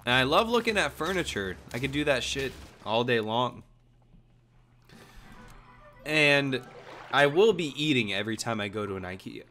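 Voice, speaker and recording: A young man streaming, chatting casually and joking while he plays, his voice hoarse. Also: mid-range voice, normal speed, long pauses, soft background music. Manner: lively, chatty, jokey. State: hoarse, coughing. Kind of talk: casual chat while gaming.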